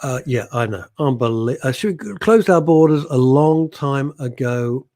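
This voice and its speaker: A man's voice: mid-range voice, lively intonation, normal speed, a little mellow. A man hosting a radio show, blunt and jokey as he reads out listener messages. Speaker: radio host. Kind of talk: casual radio chat.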